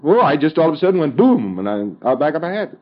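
A man's voice: a little high, big pitch swings, fast, lo-fi sound, pitched above the performer's own voice. A man doing a groggy dazed fellow. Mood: dazed, curious. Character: dazed man just out of body, groggy and curious.

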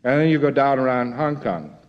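Man, from the United States, lecturer, folksy, wry, jokey asides, mid-pitched voice. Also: animated, fairly quick, highs cut off.

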